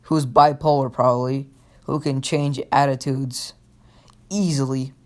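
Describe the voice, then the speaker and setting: A man's voice: medium pitch, flat delivery, unhurried, darkish tone, natural voice. A man voicing a nervous male pirate clown captain who stammers and hesitates.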